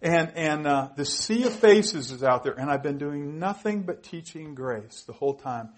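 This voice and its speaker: A man's voice: a little high, lively intonation, moderate pace. A man in his sixties preaching a sermon, telling personal stories with emotion, his voice catching with tears. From United States. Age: 60s. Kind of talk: sermon testimony.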